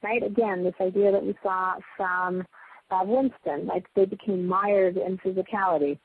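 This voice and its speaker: A woman giving a casual, animated Torah class, with chatty, self-deprecating asides. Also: mid-range voice, moderate pace. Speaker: Torah teacher. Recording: tinny phone-line sound with faint noise.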